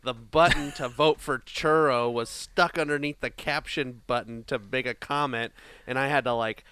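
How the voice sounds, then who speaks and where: A man's voice: medium pitch, steady tone, normal speed, sharp tone, clean tone, no room sound. A man co-hosting a casual podcast chat, playful and jokey with mock indignation. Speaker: podcast co-host.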